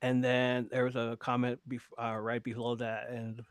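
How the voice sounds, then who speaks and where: A man's voice: medium pitch, normal speed, clean tone, no echo, studio quality. A man hosting a live podcast, swearing freely as he tells family stories and reads viewer comments aloud in casual chat. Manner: profane, animated retelling of family stories. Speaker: podcast host.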